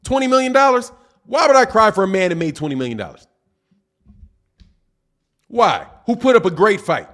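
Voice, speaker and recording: A man with a high, lively voice hosts a boxing live stream. He reads viewer comments aloud and fires back at them, teasing and combative, dropping "man" and "dog" at the end of his lines. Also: normal speed, long pauses. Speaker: boxing channel host.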